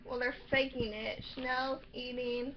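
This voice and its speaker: High-voiced young woman rambling a recap. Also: level tone, measured pace. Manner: rambling, quoting characters in bursts. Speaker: recap vlogger. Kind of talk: casual TV episode recap. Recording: slightly muffled home recording with faint noise.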